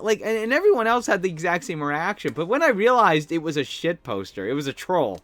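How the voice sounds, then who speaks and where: Male podcast host, slightly high voice, excitable and laughing, just getting over a cold. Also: fairly quick, few pauses, no echo. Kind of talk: casual solo podcast commentary.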